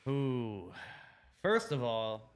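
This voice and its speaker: A man's voice: mid-range voice, big pitch swings, extremely slow, smooth. A man in his thirties from Illinois, a guest on a podcast, chatting casually and telling stories with a lot of swearing. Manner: laid-back, swears a lot, tells stories with quoted exchanges. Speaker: podcast guest, pro BMX rider. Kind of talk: casual chat.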